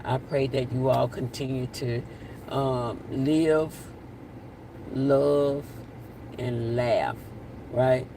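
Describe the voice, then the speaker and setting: A man's voice: medium pitch, steady tone, drawn-out words, gravelly, long pauses, dark tone. Chatty man on a live stream. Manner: chatty, repeats himself, signs off with blessings. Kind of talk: casual live chat reading comments. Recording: distant mic with faint outdoor noise.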